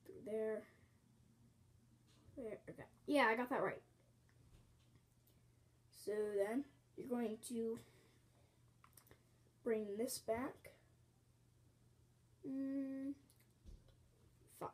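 Slow, coughing woman counting blocks. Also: on the high side, steady tone. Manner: counts blocks aloud, apologetic. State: bouts of coughing. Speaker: game tutorial host. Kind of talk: step-by-step building tutorial. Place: at home.

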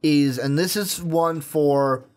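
A man's voice: fairly high pitch, slow, darkish tone. A man co-hosting a casual chat, talking earnestly and emphatically and repeating his points. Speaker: co-host.

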